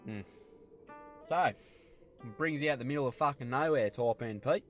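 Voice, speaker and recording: A man with an Australian accent voicing a blunt, laconic wanderer in an animated show who swears heavily. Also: mid-range voice, moderate pace, soft background music, lightly acted. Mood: gruff. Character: gruff terse Aussie wanderer.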